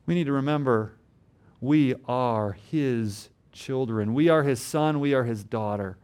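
A young adult man preaching a sermon earnestly, rising to emphatic peaks and then dropping low. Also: unhurried, darkish tone, clear, resonant tone. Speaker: pastor.

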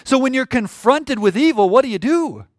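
A male pastor with a high, lively voice delivers a sermon in an emphatic style. His speech swings from hushed near-whispers to shouted pleas. The sound is dry and close, with no room echo. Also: moderate pace.

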